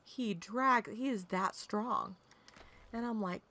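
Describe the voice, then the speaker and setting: Gravelly woman chatting with her stream, tells stories, laughs a lot. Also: medium pitch, slow. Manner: chatty storyteller, laughs often, animated asides. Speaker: livestreamer chatting with viewers. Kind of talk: casual chat.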